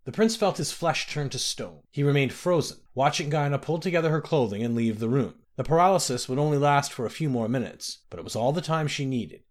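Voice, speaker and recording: A man's voice: medium pitch, expressive, fairly quick, hardly any pauses. A man narrating a fantasy story aloud, reading expressively.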